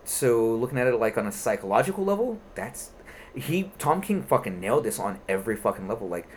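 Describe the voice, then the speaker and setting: A man in casual chat, excitedly retelling a comic book story with lots of swearing. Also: medium pitch, fairly quick, a little hiss or hum. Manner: animated, profane storytelling.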